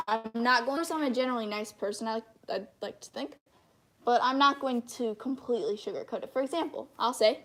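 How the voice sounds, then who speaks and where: A woman's voice: fairly high pitch, fairly quick, fairly bright tone. A woman hosting a casual livestream, rambling and thinking aloud while she draws, with many restarts. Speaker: channel host.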